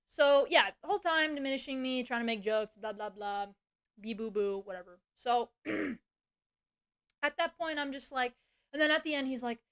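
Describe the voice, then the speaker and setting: A woman's voice: high-pitched, expressive, normal speed, a bit bright, clear, resonant tone. A young woman streamer chatting casually, rambling through a story and swearing freely. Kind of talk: casual livestream chat.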